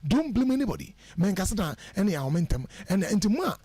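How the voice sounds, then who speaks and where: Husky man giving animated life advice. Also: high-pitched, brisk, dry recording. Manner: lively, mixes English phrases into his talk. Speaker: radio guest speaker. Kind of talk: preachy life advice on radio. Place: radio studio.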